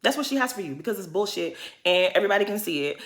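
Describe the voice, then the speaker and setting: Sassy woman spilling tea on a reality show, blunt, cusses a lot, bright sharp voice. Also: mid-range voice, animated, very fast. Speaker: reality TV recap YouTuber. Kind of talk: casual commentary recap.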